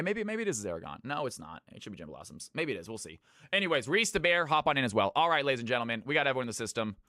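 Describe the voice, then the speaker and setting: A man from California hosting his stream's viewer games, chatting casually with his viewers, brisk and swearing freely. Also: mid-range voice, pushed and bright, dry recording, studio quality. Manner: brisk, swears, talks to chat. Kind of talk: casual live-stream chat.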